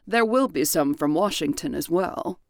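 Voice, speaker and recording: A woman voicing a stern, reserved father from a period story, speaking in a measured, formal way. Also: sits low, animated, creaky, no room sound, clean studio sound.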